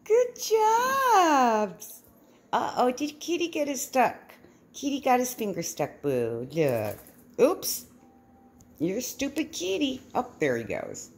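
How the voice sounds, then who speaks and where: A woman's voice: a little high, huge pitch swings, a little slow, creaky, darkish tone. A woman talking baby talk to her pets at home, coaxing them in a cooing sing-song and laughing often. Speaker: pet owner filming her pets. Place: home indoors.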